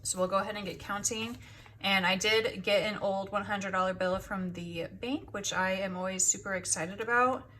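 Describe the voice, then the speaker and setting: A woman's voice: medium pitch, steady tone, moderate pace, slight background noise. A young woman hosting a budgeting vlog, chatting casually to the camera and a little out of breath after work. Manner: chatty, counts cash aloud softly. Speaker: budgeting channel host.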